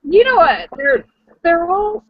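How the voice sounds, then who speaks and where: A woman's voice: extremely high pitch, very animated, slow pace, no echo, muffled recording. A woman co-hosting a casual chat, giggly and hesitant, often trailing off.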